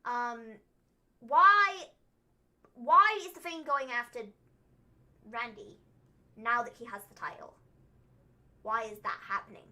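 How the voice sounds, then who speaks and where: Animated high-voiced young woman host. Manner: animated, quick rapid-fire questions. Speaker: wrestling recap host. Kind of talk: casual livestream chat.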